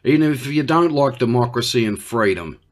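A man's voice: medium pitch, lively intonation, moderate pace. An Australian man doing a brash, slangy one-sided comedy conversation with an unheard partner. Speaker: comedy podcast host.

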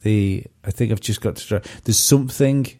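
A man in his late thirties speaks in a low, mellow voice with a soft Manx accent that leans slightly Scouse. He talks in casual podcast chat, halting and self-deprecating, often restarting his sentences. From Isle of Man. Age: 30s. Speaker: podcast co-host and stand-up comic.

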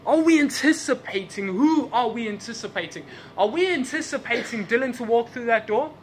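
This church sermon comes from a man with an extremely high voice and lively intonation, talking a little fast amid a faint hiss or hum. English isn't his native language; he asks questions repeatedly and laughs at his own side comments.

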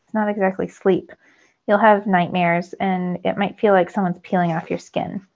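A woman reading aloud voices a calm, knowing teen girl who explains things patiently, on a slightly dull recording. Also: mid-range voice, moderate pace, close to an everyday voice.

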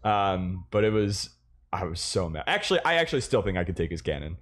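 A man's voice: deep voice, big pitch swings, a little fast, fairly bright tone. A man in casual gaming chat, rambling and self-mocking, swearing often as he tells stories about matches.

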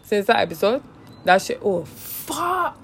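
A woman's voice: on the low side, a little fast, creaky. A woman hosting a podcast, chatting casually in a rambling, profane way, often laughing and calling the listener "dog.". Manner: laughs often while talking. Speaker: podcast host. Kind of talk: casual chat.

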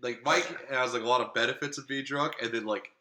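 A man's voice: medium pitch, brisk, pushed and bright, roomy sound. A young man co-hosting a casual podcast, joking and chiming in with quips. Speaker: podcast co-host. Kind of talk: casual chat.

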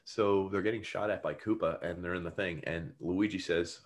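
A man's voice: deep voice, normal speed. A man co-hosting a podcast, chatting casually and joking about a cartoon. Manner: lively, animated, jokey. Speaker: podcast co-host. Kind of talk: casual chat.

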